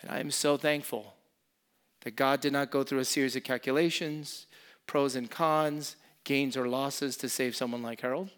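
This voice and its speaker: A man preaching a sermon as pastor, impassioned, repeating key phrases and swinging from loud emphasis to soft, intimate asides. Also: medium pitch, fairly even intonation, moderate pace, clear, resonant tone.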